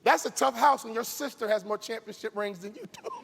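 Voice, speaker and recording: A man's voice: extremely high pitch, brisk, vocal fry, background noise. A middle-aged man from Chicago giving a motivational keynote with an emphatic, preacher-like cadence. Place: large event arena stage. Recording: long hall reverb from live arena.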